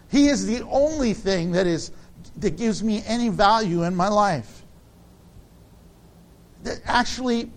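High-voiced animated male pastor. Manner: earnest, animated, laughs between points. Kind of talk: sermon.

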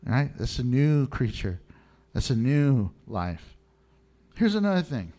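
A middle-aged man preaching a sermon to his congregation in an animated way, laughing often and swinging between low and high tones. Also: slow pace, long pauses. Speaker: pastor.

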